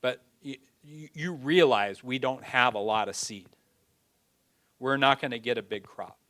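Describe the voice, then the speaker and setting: A man's voice: mid-range voice, measured pace, pushed and bright. Brief: preacher voicing a frustrated mother in a sermon retelling, pleading, exasperated, nearly his own voice. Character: worn-out frustrated young mother, woman.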